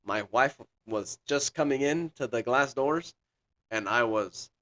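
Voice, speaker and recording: A man's voice: medium pitch, unhurried, sharp tone. A young man co-hosting a podcast, chatting casually and telling a long rambling story full of swearing. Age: young adult. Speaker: podcast co-host. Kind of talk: casual chat.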